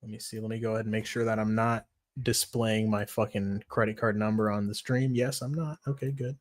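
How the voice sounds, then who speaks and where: Brief: male streamer, casual, profane, excitable. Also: lowish voice, fairly quick. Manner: profane, excitable, reads chat aloud. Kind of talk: casual livestream chat.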